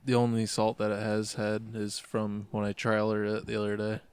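A man with a low, smooth voice chats easily on a casual podcast. He talks in a relaxed way and drops in dry little jokes. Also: moderate pace, no echo. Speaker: podcast co-host. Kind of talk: casual chat.

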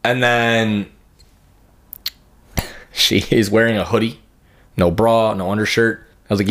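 A man's voice: on the low side, normal speed, long pauses, fairly bright tone. A man in his twenties, hosting a podcast, telling profane stories in a rambling, casual way and acting out what others said. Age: 20s. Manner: profane, rambling storyteller who acts out others' lines. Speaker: podcast host. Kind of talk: crude casual chat.

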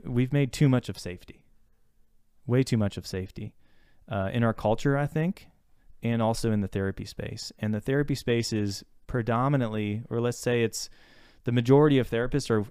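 Male therapist on a podcast mic, mid-pitched and smooth, dry close sound; thoughtful, circles back and restarts mid-thought. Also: fairly quick, a little mellow, dry recording. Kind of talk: casual podcast conversation.

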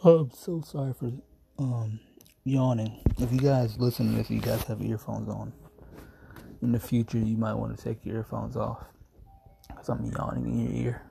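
A man's voice: mid-range voice, fairly even intonation, moderate pace, gravelly, noisy background. A young man hosting a casual solo podcast from home, groggy and yawning after a nap, rambling in a laid-back, jokey way. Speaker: podcast host.

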